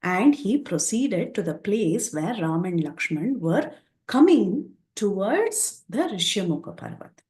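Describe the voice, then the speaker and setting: A woman leads a scripture lesson, telling the story in an animated way and acting out its dialogue. Her mid-pitched voice carries a roomy echo. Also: slow. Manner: animated retelling with quoted dialogue. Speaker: teacher of scripture.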